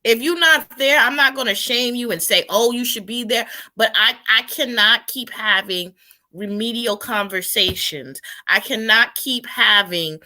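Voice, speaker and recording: Bright, blunt-spoken woman. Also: fairly high pitch, a little slow. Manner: blunt and emphatic. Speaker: guest. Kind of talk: casual livestream chat.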